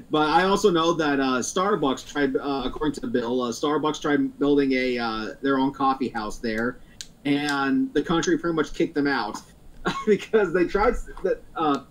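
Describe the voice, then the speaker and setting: A man's voice: mid-range voice, a little slow, a little hiss or hum, low-quality recording. A man hosting a casual podcast chat, rambling through stories with lots of fillers and frequent laughs. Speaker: podcast host.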